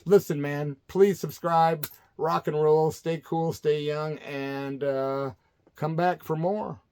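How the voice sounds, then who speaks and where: A man's voice: a little high, fairly even intonation, takes it slowly, a little mellow, smooth. A man in his sixties telling rambling old tour stories in a casual, laid-back way, often tossing in "man". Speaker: storyteller recalling punk tours. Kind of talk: casual spoken-word storytelling.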